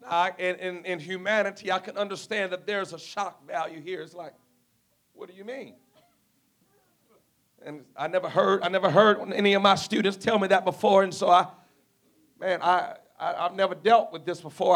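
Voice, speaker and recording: A man's voice: sits high, steady tone, moderate pace, a bit bright. A man preaching a sermon as a guest preacher, telling a Bible story and acting out its dialogue. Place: church before a congregation.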